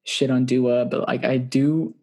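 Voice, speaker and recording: A man's voice: mid-range voice, flat delivery, measured pace, creaky, darkish tone. A young man co-hosting a casual music podcast, chatty and laughing often, with some swearing. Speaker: podcast co-host. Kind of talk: casual chat.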